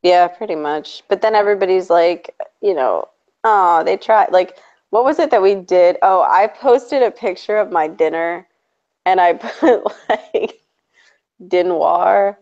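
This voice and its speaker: Gravelly-voiced joking woman. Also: lowish voice, measured pace, a little mellow. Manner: jokey, teasing, laughs often. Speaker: co-host of a stream. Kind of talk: casual chat. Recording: lo-fi stream audio.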